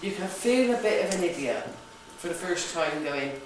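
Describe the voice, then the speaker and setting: A woman's voice: fairly low pitch, expressive, moderate pace, background noise. A woman with a West Country accent hosting a ghost hunt as a psychic, briefing a group in a chatty, jokey way and checking in with "okay?". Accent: West Country English. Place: large echoey room in an old building. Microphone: camera from a distance. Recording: echoey room recorded from far off.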